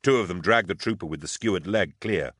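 A man reads an audiobook in a steady, even storytelling manner. His voice sits low and is recorded on a close, dry studio mic. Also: fairly quick, no echo. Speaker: audiobook narrator. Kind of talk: scripted audiobook narration.

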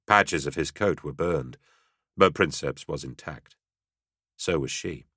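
A man narrating an audiobook in a steady, dramatic storytelling manner. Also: rumbling low, slow, husky, no room sound, studio quality.

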